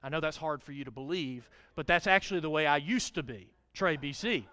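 A middle-aged male pastor preaching a sermon, reading scripture aloud and swelling loud on key words. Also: a little high, expressive, fairly quick.

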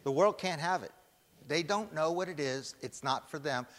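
A man's voice: fairly high pitch, animated, normal speed. A man preaching a sermon, emphatic, putting questions to the congregation and waiting for their answers. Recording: long hall reverb.

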